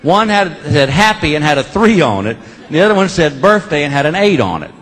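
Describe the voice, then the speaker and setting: A man's voice: a little high, sing-song, fairly quick. A middle-aged man telling folksy stories in a stand-up comedy routine, building each one to a punchline. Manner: folksy storytelling, punchline delivery. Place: live comedy stage with audience. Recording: live show with crowd laughter. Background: audience laughter.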